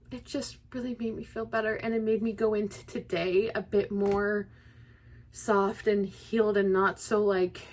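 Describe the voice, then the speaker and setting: Young woman vlogging, rambling and grieving. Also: medium pitch. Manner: rambling, many likes and restarts. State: grieving, on the verge of tears. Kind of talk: casual personal vlog.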